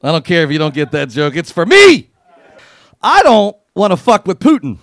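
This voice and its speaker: A man performing a crude, profane stand-up comedy routine, riffing and acting out quotes with loud, punchy bursts. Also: high-pitched, wildly swooping pitch, normal speed, no room sound.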